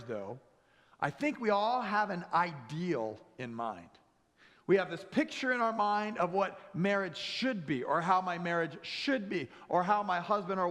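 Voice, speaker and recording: Male pastor, high voice, humorous storytelling sermon, big reverberant church. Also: a bit bright. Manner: humorous storytelling, acts out dialogue. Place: church sanctuary. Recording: long church hall reverb.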